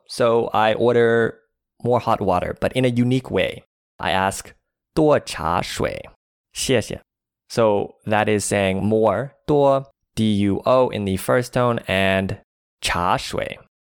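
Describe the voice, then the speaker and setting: A man explains vocabulary in a plain, steady way, spelling out each word in turn. His voice is fairly low. The recording is dry and close, with almost no room sound. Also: no room sound. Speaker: language lesson co-host. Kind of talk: spelling out words in a language lesson.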